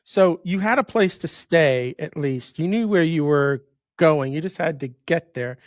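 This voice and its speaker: Man, middle-aged, host, emphatic, asks lots of questions, slightly high voice, dry sound. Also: measured pace, dry recording. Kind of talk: casual conversation.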